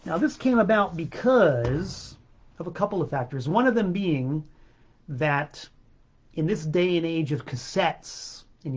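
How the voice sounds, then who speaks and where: A man hosts his own show in a slow, rambling monologue, his voice a touch high and his throat a little choked up. He drifts from aside to aside in a chatty way. The recording sounds dull and lo-fi. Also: darkish tone. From South Florida. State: a bit choked up, clearing throat. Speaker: podcast host and record seller. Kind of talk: casual solo monologue.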